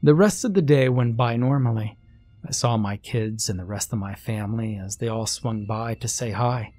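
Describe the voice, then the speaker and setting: A man narrating a first-person horror story in a wry, unhurried way. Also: lowish voice, darkish tone, faint music behind.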